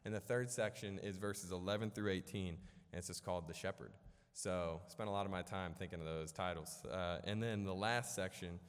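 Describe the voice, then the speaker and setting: Low-voiced young man preaching in an echoey hall. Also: normal speed, clear, resonant tone. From Illinois, US. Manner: casual, rambling, many fillers, self-deprecating humor. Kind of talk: storytelling sermon. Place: church hall. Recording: echoey hall with long reverb.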